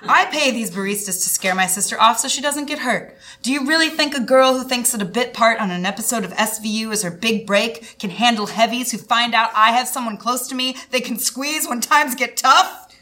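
A woman reading aloud as a short, scheming villainess who smuggles gems, smirking and dripping with fake sweetness. Her tone is bright and piercing, and her voice sits a little high. There is a menacing edge under the sugar. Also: expressive, slow, heavily acted. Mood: growling.

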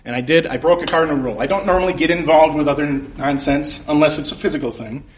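A man's voice: on the high side, fast talker. A man telling a funny personal story to a crowd, laughing often and poking fun at himself. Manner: animated, laughing often, self-mocking. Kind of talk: comic personal story told to an audience.

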